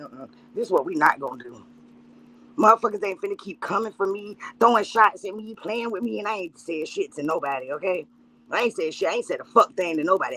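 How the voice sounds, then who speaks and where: A woman's voice: mid-range voice, a bit bright, slightly rough. A woman talking casually on a livestream, blunt and profane, speaking straight to her chat while she gets herself together. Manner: loose and unprepared, stops to fumble with things.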